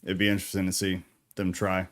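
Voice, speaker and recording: A man's voice: sits low, completely flat delivery, quick pace. A man hosting a live podcast who agrees readily and affirms his guests, reads out chat comments, and steers the show along. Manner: agreeable, affirming, with short backchannels. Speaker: podcast host.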